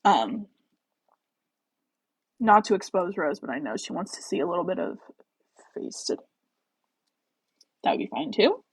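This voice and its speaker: A woman's voice: medium pitch, big pitch swings, measured pace, long pauses, husky, no echo, poor audio. A young woman with a general American accent, hosting a casual book club livestream, rambling and swearing freely with lots of fillers. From American Midwest.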